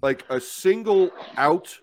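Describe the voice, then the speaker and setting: A male podcast co-host telling a story in casual chat, his pitch swinging widely as he goes. His voice sits a little high, with a dry, close sound. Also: takes it slowly, no echo. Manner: animated, swearing, laughing storyteller.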